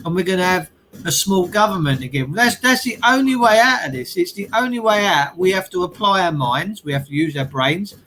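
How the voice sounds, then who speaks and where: A man's voice: high-pitched, animated, brisk, fairly bright tone, a little hiss or hum, low-quality recording. A man, talking in an earnest, emphatic way in a casual chat and repeating his key phrases.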